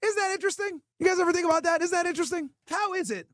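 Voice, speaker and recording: A man's voice: very high voice, racing, background noise. A man streaming to his chat, ranting emphatically and mockingly with lots of rhetorical questions. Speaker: streamer and podcast host. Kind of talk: ranting commentary to a live chat.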